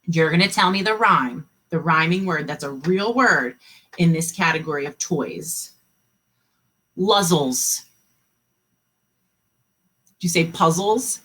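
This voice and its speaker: A woman teaching a kindergarten class online, encouraging the children and sounding out words slowly. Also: low-pitched, bright, forceful tone.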